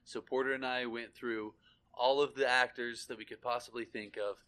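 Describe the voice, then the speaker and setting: A man's voice: medium pitch, little pitch movement, moderate pace, sharp tone. A man co-hosting a podcast in casual chat, joking and slipping into silly voices. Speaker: podcast co-host.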